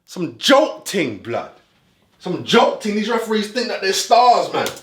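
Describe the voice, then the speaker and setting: Man, football vlogger, heated ranting reaction, high animated voice, roomy echo. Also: a little slow. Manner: animated, ranting, street slang.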